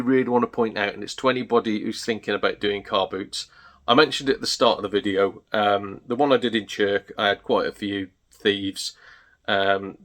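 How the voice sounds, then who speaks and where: A man's voice: on the low side, a bit bright. A man, a gaming YouTuber, talking in a casual, exasperated, chatty way as he rants about his experience. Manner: exasperated, chatty ranting storyteller. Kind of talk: casual ranting vlog.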